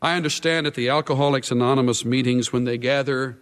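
A male pastor preaching a sermon in an earnest way, his voice swelling and then dropping to a hush. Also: mid-range voice, steady tone, fast talker, smooth. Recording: long hall reverb.

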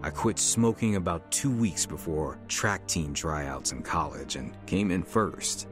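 A middle-aged man calmly narrating his own life story as a testimony. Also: deep voice, unhurried. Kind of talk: testimony narration over music. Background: music.

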